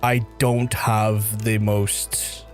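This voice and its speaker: A man in his thirties with a softened Belfast accent, chatting casually on a live stream, reading out chat and swearing freely. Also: lowish voice, flat delivery, extremely slow, faint music behind. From Northern Ireland.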